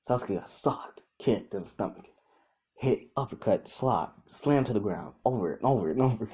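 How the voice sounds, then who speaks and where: Young man, low mellow voice, loose rambling storyteller full of fillers. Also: lively intonation, moderate pace, slightly rough. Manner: rambling, with many fillers and restarts; quotes characters in his own voice. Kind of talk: casual improvised fan-story retelling.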